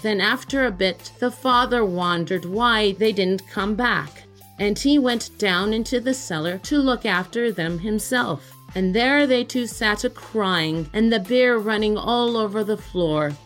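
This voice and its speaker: A woman hosting a podcast, reading an old folk tale aloud in a lively storytelling manner. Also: mid-range voice, measured pace, faint music behind. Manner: lively read-aloud, lifting her voice for characters' cries. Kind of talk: storytelling narration.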